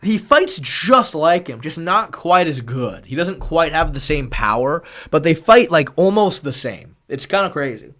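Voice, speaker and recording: A man's voice: on the high side, very animated, a little slow, hardly any pauses, pushed and bright. A man chatting casually on a live stream, rambling, swearing freely and thanking viewers.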